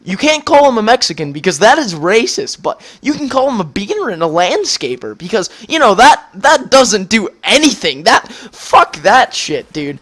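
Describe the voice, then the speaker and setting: Mocking take on a brash, careless old schoolteacher woman, pitched high and swooping, done by a young man. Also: sing-song, normal speed, hardly any pauses, a bit bright, full character voice. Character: crude dismissive old female teacher.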